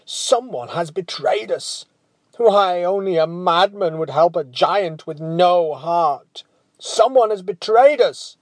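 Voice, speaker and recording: A man's voice: high voice, lively intonation, slow, no echo, pitched above the performer's own voice. A man voicing an angry king who feels betrayed. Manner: angry, accusing.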